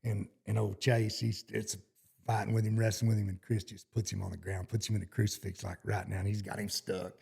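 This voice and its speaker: A man's voice: fairly low pitch, little pitch movement, fairly quick, gravelly, darkish tone, slightly rough. A middle-aged man with a Texan accent, telling cowboy stories in a casual interview, rambling and restarting his sentences in a folksy way. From Texas. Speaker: horseshoer guest.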